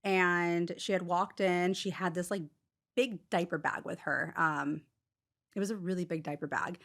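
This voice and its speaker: A woman's voice: lowish voice, steady tone, measured pace, a bit bright. Chatty woman telling a personal story. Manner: rambling, many "like" fillers, acts out quotes. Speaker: guest. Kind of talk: casual storytelling interview.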